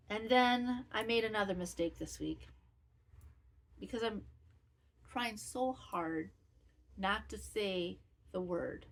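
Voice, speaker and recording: A woman's voice: mid-range voice, takes it slowly, long pauses. A woman in her fifties hosting a knitting podcast, talking candidly and self-critically in a rambling, casual way. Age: 50s. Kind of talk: casual personal chat.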